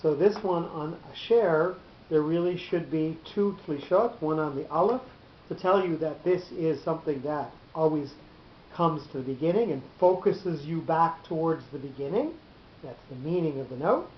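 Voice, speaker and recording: A man teaching a class, explaining patiently and slowly with frequent pauses. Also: on the high side. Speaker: teacher of Torah cantillation. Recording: roomy, dull, slightly noisy recording.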